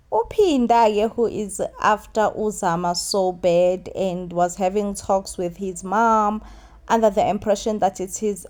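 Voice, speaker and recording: South African woman, chatty recap host, switches between languages, repeats herself for effect. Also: medium pitch. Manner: animated, mixes English with Zulu and Xhosa, repeats phrases for emphasis. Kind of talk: casual recap chat.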